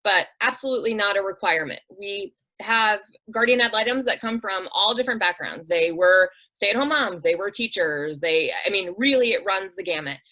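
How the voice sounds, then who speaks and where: Sharp in tone and medium in pitch, this woman's voice moves at a moderate pace with few pauses, and the recording quality is low. She is a nonprofit director guesting on an interview show, telling heartfelt stories in an earnest, conversational manner. Quoted speech gets acted out, and "um" and "like" come up frequently.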